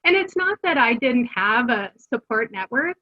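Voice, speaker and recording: A middle-aged woman with a slightly high voice tells her story candidly as an interview guest. She speaks earnestly, full of fillers and restarts. The recording sounds dull and lo-fi. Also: big pitch swings, normal speed. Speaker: guest, homeschooling mother.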